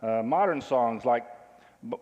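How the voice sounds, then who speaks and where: A man's voice: mid-range voice, measured pace, darkish tone, highs cut off. A man preaching a sermon in a conversational way, often putting questions to his listeners. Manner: conversational, asks the audience questions. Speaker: pastor. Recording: long hall reverb.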